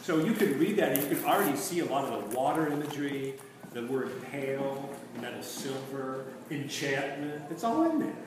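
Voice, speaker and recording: A man teaching a literature lesson in an animated, questioning way. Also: medium pitch, normal speed. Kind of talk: literature lecture with read-aloud. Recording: echoey room from far off, noisy.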